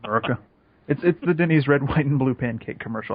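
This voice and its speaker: A man with a mid-range voice delivers dry, deadpan jokes on a podcast. The audio is dull and lo-fi. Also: medium pitch, fast talker, slightly rough, no room sound. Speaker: podcast co-host. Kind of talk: casual comedic banter.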